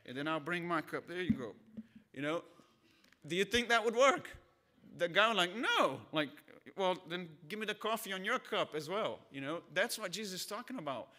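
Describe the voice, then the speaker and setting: A man's voice: high-pitched, animated, moderate pace, pushed and bright. A man from Brazil, a pastor, preaching a sermon in a conversational, storytelling way. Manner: conversational, storytelling with acted voices.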